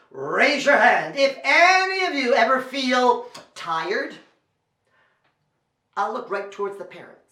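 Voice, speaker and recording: Animated storyteller man, echoey room. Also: very high-pitched, slow, long pauses. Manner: animated, coaxing the audience to join in. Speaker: children's storyteller. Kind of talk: interactive storytelling performance.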